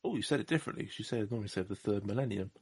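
Man, lowish voice, podcast host, rambling, jokey, stumbles over his words. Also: very fast, vocal fry, darkish tone, breathy edge. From Devon, Southwest England. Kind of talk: casual podcast chat.

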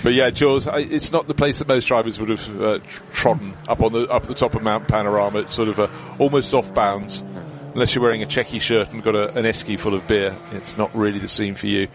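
A man's voice: on the low side, steady tone, fairly quick, few pauses, a little hiss or hum. A man commentating on a motor race, explaining strategy in detail with a chatty manner.

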